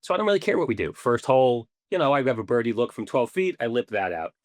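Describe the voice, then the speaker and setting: A man, a podcast guest, telling stories in a casual, animated way, swearing now and then and acting out what people said. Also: mid-range voice, fast talker, no room sound, studio quality. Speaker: podcast guest, ball marker maker. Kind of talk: casual storytelling interview.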